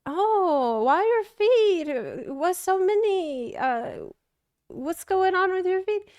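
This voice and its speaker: A woman voicing a puzzled female nail salon worker who asks halting, broken questions in a raised voice. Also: very high voice, very animated, a little mellow, no room sound, voice pushed up, full character voice.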